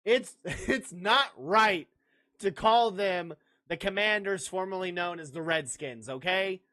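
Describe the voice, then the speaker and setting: A man's voice: high-pitched, slow, sharp tone. A brash man hosting a sports podcast live, firing off dismissive outbursts at his chat. He rants in a jokey, loose way between team picks. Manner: jokey, laughs at own lines. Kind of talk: livestreamed sports talk, answering chat.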